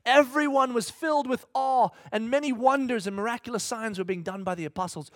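High-voiced preaching man. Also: brisk, no echo, clean studio sound. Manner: dynamic preaching, acts out dialogue in mock voices, asks the congregation questions. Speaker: pastor. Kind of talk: sermon.

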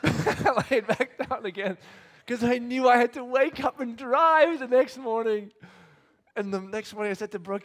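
A man's voice: sits high, normal speed. A man in his thirties preaching a sermon, telling a personal story with humor and acting out the scenes. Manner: animated storyteller, acts out scenes, self-deprecating humor. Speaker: pastor. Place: church hall with congregation.

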